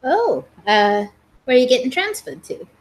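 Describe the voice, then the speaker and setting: A woman's voice: high-pitched, sing-song, normal speed, pitched above the performer's own voice, poor audio. A woman playing a wry, easygoing woman who lives simply in a camper. She talks casually and loosely. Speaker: tabletop game player. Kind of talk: in-character tabletop role-play.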